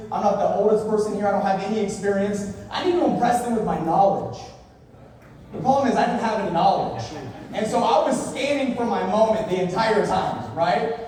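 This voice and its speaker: Fast-talking young man in an echoey hall. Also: far from the mic. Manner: storytelling, dropping low and quiet for emotional parts. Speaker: speaker at a business event. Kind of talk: motivational speech.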